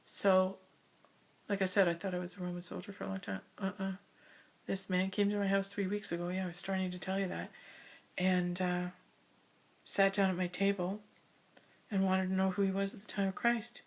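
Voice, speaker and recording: A woman telling a personal spiritual story in a casual monologue, recorded in the hall of her house, sometimes dropping to a soft whisper. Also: medium pitch, flat delivery, normal speed, pauses often. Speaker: spiritual speaker.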